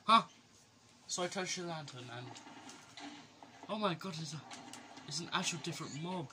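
A man's voice: on the high side, lively intonation, normal speed. A man giving playful, chatty gameplay commentary from his bedroom, breaking into exclamations. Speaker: gaming YouTuber. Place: bedroom at home. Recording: loud background noise.

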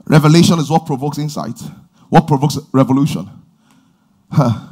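A man preaching a sermon as pastor, emphatic, often shouting and stretching words out, repeating phrases and calling out praise. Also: on the high side, normal speed.

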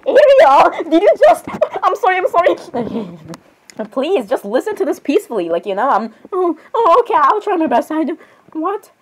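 A young woman doing a playful, giggly role-play with character voices, excitable and full of fillers and laughter. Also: high voice, moderate pace, a little hiss or hum, poor audio.

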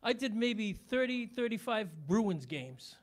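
A man's voice: high-pitched, big pitch swings, slow pace. An older man from New England, a guest musician and entertainer, chatting easily in an interview and chuckling as he rambles through his stories. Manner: easygoing, rambling, chuckles between lines. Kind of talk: casual interview chat.

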